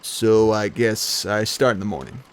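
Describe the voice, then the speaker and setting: A man's voice: on the low side, clean tone. Joking young man reading game dialogue. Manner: joking, swears freely, sarcastic asides; reads in-game lines aloud in a slow formal voice. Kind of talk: casual let's-play commentary with voiced dialogue.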